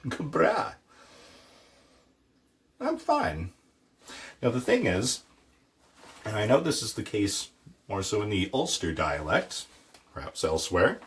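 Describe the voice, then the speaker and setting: Male language tutor, casual and playful, pitch swings widely. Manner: playful, animated, with mock dialogues. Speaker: Irish language teacher.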